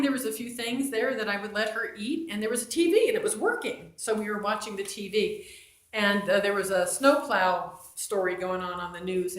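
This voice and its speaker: A woman's voice: medium pitch, fairly bright tone. A woman from New Jersey telling a personal faith testimony in a chatty, conversational way. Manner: conversational, chatty with fillers and restarts. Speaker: storyteller on her own channel. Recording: roomy echo.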